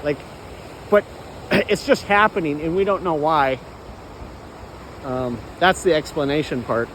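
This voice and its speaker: A man vlogging outdoors while walking, rambling and clearing his throat often. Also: on the high side, a little slow, fairly bright tone, a little hiss or hum, poor audio.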